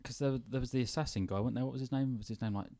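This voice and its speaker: Man, podcast co-host, quick rambling speech, dark mellow tone. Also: mid-range voice. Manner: rapid, rambling, self-deprecating, swears casually. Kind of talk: casual film review chat.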